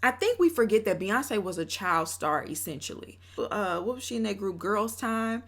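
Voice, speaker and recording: Woman, casual commentary host, chatty and opinionated, mid pitch. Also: animated, moderate pace, fairly bright tone. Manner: chatty and opinionated, laughs often. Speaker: commentary vlogger.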